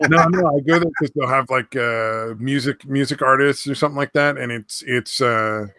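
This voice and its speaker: A man's voice: medium pitch, moderate pace, pushed and bright, no room sound, clean studio sound. A man from near San Francisco, chatting casually and profanely as a podcast co-host. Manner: loose, profane, rambling. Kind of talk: casual crude chat.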